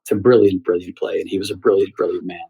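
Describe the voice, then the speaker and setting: A middle-aged man from the United States, a theater critic, telling lively stories as a guest in an interview. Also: sits low, fast, vocal fry, breathy edge, lo-fi sound. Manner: animated storyteller who acts out quoted voices. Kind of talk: anecdotal interview storytelling.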